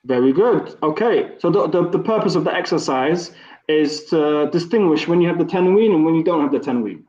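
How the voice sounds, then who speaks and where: A man's voice: on the high side, lively intonation, fairly quick, a little mellow. A man teaching an Arabic class online, patiently correcting his students and encouraging them. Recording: roomy, dull lo-fi sound.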